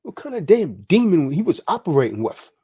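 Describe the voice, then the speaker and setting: Man, livestream preacher; high, very lively delivery, dead-dry sound. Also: fairly quick, slightly rough, no echo. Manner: preachy, exhorting, repeats "man". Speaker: livestream host.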